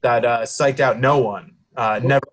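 A man co-hosting a podcast in casual chat, with dry jokes, swearing and quick quips. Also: medium pitch, steady tone, a bit bright. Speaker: podcast co-host.

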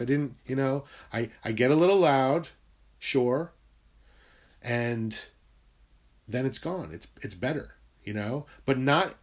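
A man talking through a rambling, confessional video monologue about self-help and his writing. He swears freely and his voice swings from loud, heated bursts to quiet muttering. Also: medium pitch, breathy edge.

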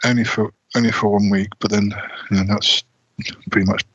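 A man's voice: lowish voice, flat delivery, fairly quick, fairly bright tone, husky, no room sound, muffled recording. A male podcast co-host chatting casually about music, musing and trailing off.

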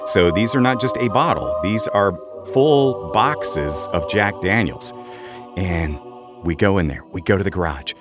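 A man from Arkansas, hosting a podcast and telling a story in an animated, casual way. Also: a little slow, music in the background. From Arkansas, USA. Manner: animated, jumps high when quoting others. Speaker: podcast host.

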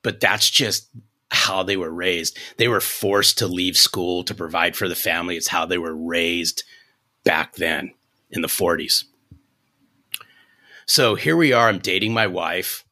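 A man in his fifties, a sales coach guest on a podcast, telling a story in an animated, folksy way. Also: low voice, a little slow. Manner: animated, restarts sentences, folksy.

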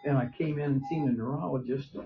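A man's voice: mid-range voice, quick pace, over music. An older man, short of breath, talking as a patient in a hospital room, rambling and plain-spoken with frequent swearing. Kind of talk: casual conversation. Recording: dull lo-fi recording with faint noise.

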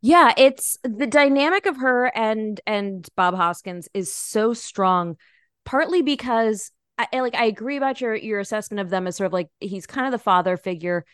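An American woman in a loose podcast chat, her mid-pitched voice recorded close and dry with almost no room sound. She talks in bursts, stumbling and restarting, piling on fillers as her thoughts catch up. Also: animated, normal speed, clear, resonant tone, no echo. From United States. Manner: chatty, hesitant, many restarts and fillers. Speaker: podcast co-host or guest. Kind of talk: casual film discussion.

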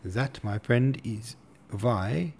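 A man voicing a stocky, pompous old hussar colonel with a German accent, speaking slowly and stressing his words. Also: medium pitch, gravelly, a little mellow, slight background noise. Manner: slow, emphatic, over-stressing words.

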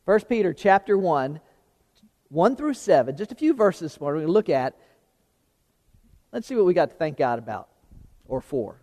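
Pastor guy with a high voice, chatty sermon, lots of restarts, big church reverb. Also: big pitch swings, moderate pace, long pauses, dark tone. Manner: chatty, asks the congregation questions, repeats words while finding them. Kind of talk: conversational sermon.

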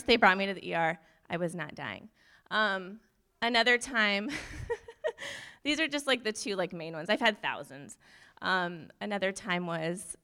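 A woman's voice: mid-range voice, fairly bright tone. A young woman, a nurse, sharing a personal testimony in a rambling, nervous, self-deprecating way, laughing often between sentences.

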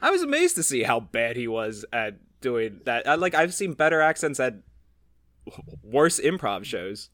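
A man's voice: medium pitch, wildly swooping pitch, moderate pace, a bit bright. A man from New Jersey co-hosting a comedy podcast, amused and teasing. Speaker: podcast co-host. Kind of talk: casual comedic chat.

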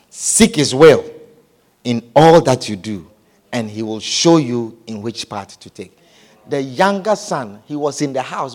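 A man preaching a sermon, repeating his points with emphasis and moving between hushed and loud delivery. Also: medium pitch. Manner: repetitive emphatic preaching, swinging from soft to loud.

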